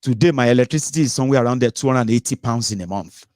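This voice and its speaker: A middle-aged Nigerian-accented man hosts a casual political talk from his home, his voice sitting at an ordinary pitch but leaping up when he gets animated. He fires off rhetorical questions and drops into pidgin, and the recording is close and dry with no room sound. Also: very fast, dry recording. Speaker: radio and online show host.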